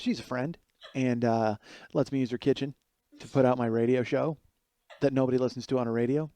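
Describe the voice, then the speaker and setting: A man's voice: medium pitch, a little mellow, dry recording. A man in his forties hosting a comedy podcast from a friend's kitchen late at night, rambling and profane, often mocking others in put-on voices. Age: 40s. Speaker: podcast host. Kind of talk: casual comedic monologue.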